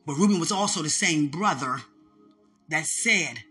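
A preacher delivering a fervent sermon, asking the listeners questions and answering them, and swinging between high, loud passages and low, hushed ones. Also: lively intonation, measured pace, soft background music. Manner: fervent, call-and-response preaching.

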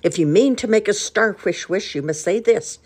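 A woman's voice: mid-range voice, normal speed, slightly rough, voice pushed up, close to an everyday voice. A grandmother voicing a grumpy old seaside hermit man who grumbles and speaks firmly. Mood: instructive. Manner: grumbling, firm.

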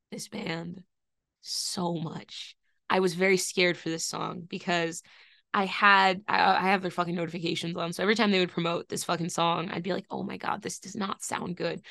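A young woman co-hosting a music podcast, excitable and gushing, swearing a lot. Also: lowish voice, normal speed, creaky, no echo, clean studio sound. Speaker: podcast co-host. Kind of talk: casual music news chat.

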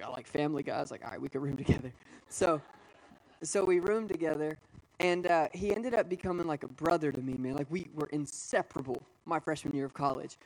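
Energetic young man preaching a sermon. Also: fairly high pitch, low-quality recording. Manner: storytelling, energetic and conversational, with asides. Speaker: pastor. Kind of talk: sermon to a live audience.

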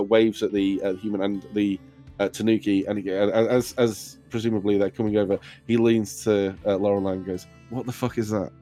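A man's voice: fairly low pitch, dark tone. A man narrating as game master, loose and hesitant, full of fillers.

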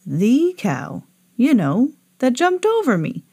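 A woman's voice: a little high, huge pitch swings, takes it slowly, mellow, slightly rough, pitched above the performer's own voice, exaggerated voice. A woman voicing a drowsy, hard-of-hearing old male moon in a storybook who mishears things.

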